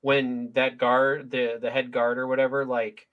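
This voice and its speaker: A man co-hosting a casual TV review chat, excitedly spinning theories and tripping over his words. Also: mid-range voice, measured pace, dry recording, phone-quality sound. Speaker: podcast co-host.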